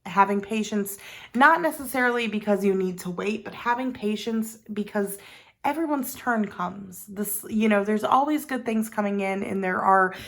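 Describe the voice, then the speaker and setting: Woman tarot reader, casual chatty delivery with fry, lots of ums and restarts. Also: medium pitch, normal speed. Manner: chatty, meandering, with many ums and self-corrections. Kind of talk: casual pick-a-card tarot reading.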